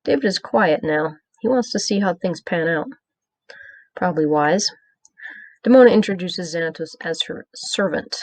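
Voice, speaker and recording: A woman's voice: lowish voice, animated, normal speed, no room sound. A woman reading aloud her own episode review, summing up the plot with dry, joking asides and small hesitations. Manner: wry, joking asides between plot summary; reads from a script with small hesitations. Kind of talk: read-aloud review with commentary.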